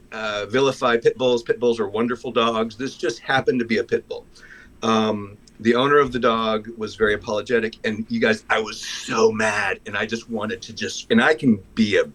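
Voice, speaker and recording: Man, group member, candid, self-deprecating, halting speech. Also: medium pitch, rough recording. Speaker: congregation member sharing a story. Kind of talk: personal sharing in a group.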